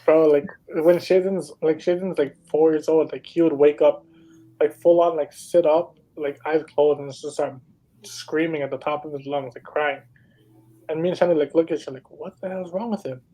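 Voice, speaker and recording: A man's voice: fairly high pitch, fairly even intonation, moderate pace, warm tone, rough recording. Rambling young man telling stories. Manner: rambling storytelling, many "like"s. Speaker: podcast co-host. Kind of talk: casual chat.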